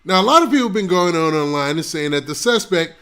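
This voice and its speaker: Man, high voice, gravelly, live stream host, close mic, laid-back slang, shout-outs to viewers. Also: animated, fast talker. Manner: shouting out viewers' locations one after another. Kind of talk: casual live stream chat.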